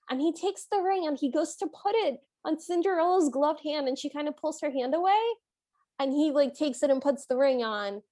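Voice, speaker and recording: A woman's voice: high voice, moderate pace, darkish tone. A woman co-hosting a podcast, casually retelling a film's plot scene by scene and quoting its lines. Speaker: podcast co-host. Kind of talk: casual film recap chat.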